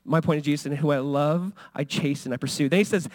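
A man's voice: fairly high pitch, fast talker, few pauses, darkish tone, no echo. A male pastor preaching a sermon in an earnest, conversational way, a father who acts out the voices he quotes. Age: young adult or middle-aged, father of a son.

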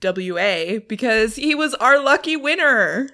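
A woman co-hosting a podcast in casual chat, playful and quick to laugh. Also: fairly high pitch, expressive, sharp tone. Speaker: podcast co-host.

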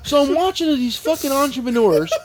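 A man's voice: extremely high pitch, a little fast, slight background noise. A man telling profane stories in a casual podcast chat, often laughing. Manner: profane, animated storytelling with laughter.

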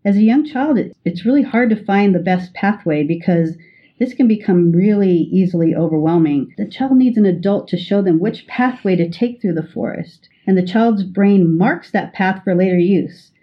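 A woman educator giving a measured, patient teaching talk, explaining with everyday examples. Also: mid-range voice, husky, highs cut off. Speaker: educator guest.

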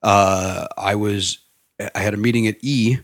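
A man hosting a podcast, telling comedic stories in casual chat with an animated manner. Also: on the low side, unhurried. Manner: animated, swings into exaggerated voices for quotes. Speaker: podcast host.

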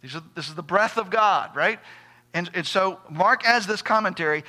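A man's voice: sits high, normal speed, bright, forceful tone. A male pastor preaching a sermon, emphatic, putting rhetorical questions to his congregation.

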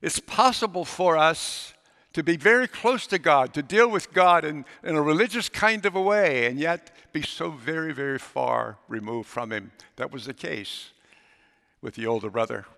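Rich: A man preaching in a church sanctuary, retelling a story and slipping into its characters' voices. His tone is bright and forceful, sitting a little high for a man. The sound carries a long hall reverb. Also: moderate pace, gravelly. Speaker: pastor. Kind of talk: sermon.

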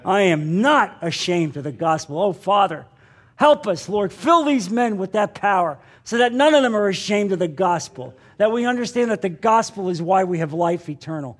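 A man preaching a sermon in an emphatic way, repeating lines and putting questions to his listeners. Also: sits high. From New Jersey.

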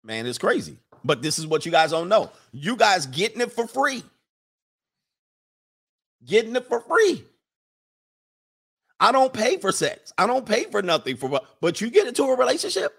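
A man's voice: high voice, big pitch swings, normal speed, gravelly, pauses often, fairly bright tone, husky. A man hosting a livestream, lecturing viewers in an emphatic, mocking way and reeling off long lists. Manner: emphatic, preachy, list-making, mocking. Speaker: livestream host. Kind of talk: casual advice monologue to viewers.

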